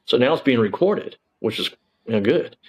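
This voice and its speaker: Rambling ex-cop telling war stories. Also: male voice, mid-range voice, expressive, normal speed, husky, low-quality recording. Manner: rambling, many fillers, swears freely. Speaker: former police officer telling his story. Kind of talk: casual storytelling interview.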